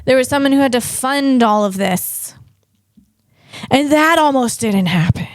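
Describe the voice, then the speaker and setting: Woman comedian host, higher voice, rambling casual chat, dry close mic. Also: lively intonation, a little slow, dry recording. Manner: rambling and digressive, lots of restarts.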